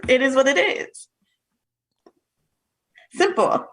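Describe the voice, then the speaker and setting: A woman's voice: high-pitched, expressive, slow, a bit bright, low-quality recording. A woman co-hosting a podcast in casual chat, assertive and laying out her views point by point. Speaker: podcast co-host.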